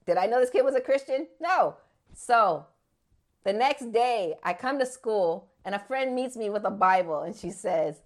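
A woman's voice: medium pitch, big pitch swings, moderate pace. A woman in her fifties telling her faith testimony as a story, acting out the voices in it and growing fervent near the end. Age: 50s. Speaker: speaker giving a testimony.

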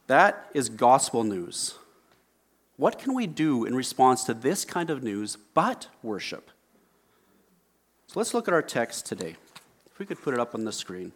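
A man preaching a sermon in a church, with emphatic, unhurried delivery and deliberate pauses. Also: medium pitch. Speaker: pastor. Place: church sanctuary.

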